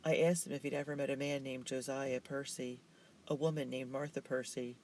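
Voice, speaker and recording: A man reading aloud voices a gentle, timid little girl who speaks softly and hesitantly. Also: medium pitch, flat delivery, a little fast, a little hiss or hum, lightly acted. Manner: soft and hesitant.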